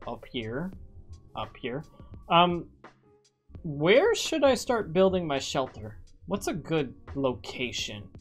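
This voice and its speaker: A woman's voice: low voice, sing-song, slow pace. A woman streaming a video game in casual chat, jumpy and swearing often, shrieking when startled. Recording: faint music behind. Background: background music.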